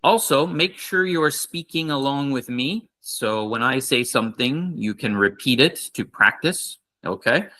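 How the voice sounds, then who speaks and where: A male English teacher leads an online lesson at an unhurried, deliberate pace. His voice is bright and clear, and he stretches out model phrases so learners can repeat them. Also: mid-range voice, expressive. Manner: slow, patient, repeats phrases for learners to copy.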